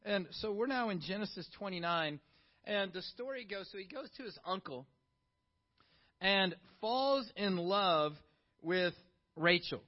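Preaching a little slowly, a middle-aged pastor with a high voice keeps his sermon easygoing and chatty. He poses frequent questions, shifting from quiet asides to lively outbursts, on slightly muffled, lo-fi audio.

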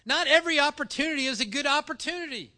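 High bright-voiced pastor guy, preaching and telling a story, acts out the back and forth. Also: fast. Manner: animated storytelling, acting out dialogue. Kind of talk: sermon with personal story.

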